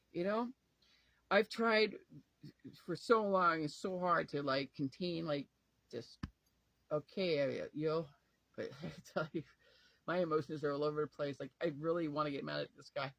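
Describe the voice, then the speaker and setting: A man's voice: high voice, vocal fry, a bit bright, no room sound, rough recording. A tired man venting to camera at home in a rambling, profane, emotional way, often trailing off and restarting. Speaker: vlogger. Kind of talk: casual talk to camera.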